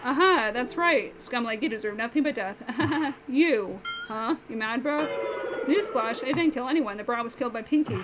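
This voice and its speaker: A woman's voice: on the high side, expressive, normal speed, close to an everyday voice, rough recording. A woman voicing a gloating male villain who runs a deadly game, mocking and cruel, over game music. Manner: taunting, mocking.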